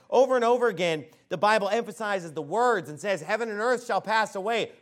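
A man preaching a fiery sermon as a pastor in a church, breaking into sudden shouts. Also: sits high.

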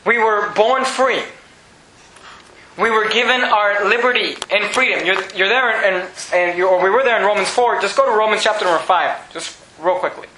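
A man preaching a sermon, reading scripture slowly and swinging from raised, emphatic lines to low, quiet ones. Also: reverberant, a little hiss or hum, rough recording.

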